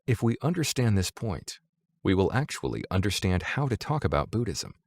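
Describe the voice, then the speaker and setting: Deep gravelly man reading calmly. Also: moderate pace, dry recording. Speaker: narrator reading Zen teachings. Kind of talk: audiobook-style reading of a spiritual text.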